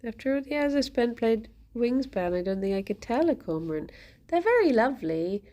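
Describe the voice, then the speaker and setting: A woman's voice: a little high, very animated, a little fast, dark tone. A woman streaming from home, chatting in a rambling, easygoing way and often breaking into laughter. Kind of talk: casual chat to a live stream.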